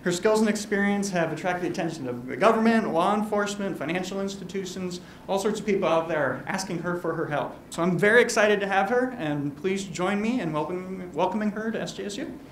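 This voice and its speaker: An earnest man gives a measured, formal introduction. His voice is quite high. The room echoes and there is a faint hum of noise. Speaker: event host introducing speaker.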